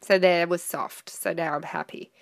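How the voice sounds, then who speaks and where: A woman's voice: lowish voice, moderate pace, no room sound. A woman riding coach talking through a training session in an easygoing explanatory way, with frequent filler words. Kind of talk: instructional commentary.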